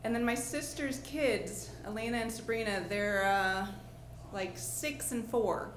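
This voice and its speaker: A woman in her thirties from New Jersey tells a personal story on a pub stage, chatty and full of fillers and restarts. Her voice sits a little high. The room is echoey, with faint noise behind her. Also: unhurried. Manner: chatty, lots of fillers and restarts, laughing along. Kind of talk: improvised personal storytelling before a live audience.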